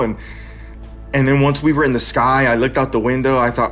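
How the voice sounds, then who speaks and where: A man's voice: medium pitch, fairly even intonation, normal speed, fairly bright tone, soft background music. A man from California in his thirties, earnestly telling his own life story and acting out the dialogue he recalls. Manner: earnest, acts out quoted dialogue. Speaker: veteran storyteller. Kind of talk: personal narration.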